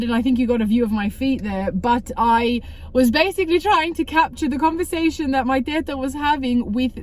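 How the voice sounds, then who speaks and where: A young woman vlogging casually to camera, chatty and rambling with self-correcting asides. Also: sits high. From Australia. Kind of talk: casual vlog talk to camera.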